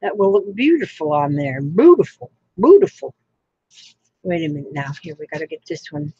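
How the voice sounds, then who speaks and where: A woman's voice: sits low, quick pace, darkish tone, slightly rough, no echo, muffled recording. A woman from Florida who chats casually while crafting on a livestream and reads out viewer comments. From Florida, United States.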